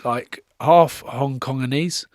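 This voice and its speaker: A man's voice: mid-range voice, slow, no echo, clean studio sound. English-accented man in his thirties. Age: 30s. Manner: swearing, animated storytelling. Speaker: podcast guest. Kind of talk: casual podcast chat.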